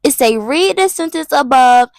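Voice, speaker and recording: High-voiced animated young woman storyteller. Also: moderate pace, vocal fry, no room sound. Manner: animated, dramatic, slangy storytelling. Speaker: vlogger. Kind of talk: casual storytime monologue.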